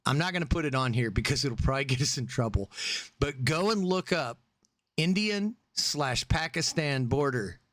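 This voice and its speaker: Brief: male co-host, opinionated rambler, close dry sound, mid pitch. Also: lively intonation, normal speed, dry recording. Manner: rambling, opinionated, laughs loudly. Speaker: podcast co-host. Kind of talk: casual chat.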